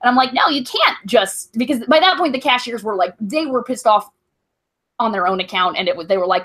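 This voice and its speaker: A young woman co-hosts a nerdy comedy podcast and tells a story in loose, casual chat. She rambles, filling her talk with likes and ums. Her voice is bright and set a little high. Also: lively intonation, brisk.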